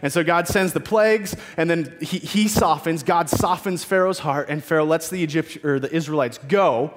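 A man's voice: a little high, normal speed. Casual preacher man in a reverberant hall. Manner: retells scripture in casual modern speech, voicing figures. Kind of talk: sermon.

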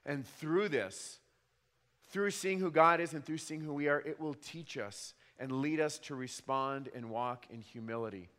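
A man in his thirties preaching a sermon as a pastor, telling wry stories about his children with animated, emphatic repetition. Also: fairly high pitch, a little slow. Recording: long hall reverb.

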